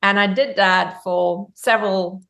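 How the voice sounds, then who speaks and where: A woman's voice: medium pitch, steady tone, a little slow, gravelly, a bit bright. A German-born woman chats as a podcast guest, her voice in a middle register. She tells her stories loosely, full of ums, restarts and asides. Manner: chatty storytelling, frequent ums and restarts. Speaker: guest author. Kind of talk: podcast interview.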